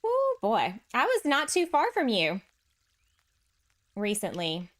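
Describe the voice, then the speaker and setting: A woman's voice: a little high, huge pitch swings, takes it slowly, a bit bright. A woman with a Texan accent hosting a casual game livestream, chatting with viewers and laughing often. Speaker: livestream host. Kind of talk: casual livestream chat while playing.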